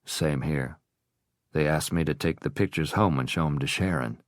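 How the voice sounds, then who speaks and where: A man's voice: rumbling low, moderate pace, no echo, studio quality. A man voicing a nervous, embarrassed middle-aged husband who speaks in a subdued way. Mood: uneasy.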